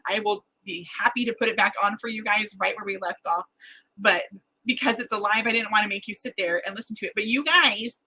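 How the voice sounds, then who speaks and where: A woman author chatting casually and excitedly with viewers during a livestreamed book launch, rambling a little as she goes. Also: medium pitch, slightly rough, low-quality recording. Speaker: mystery author hosting a live book launch.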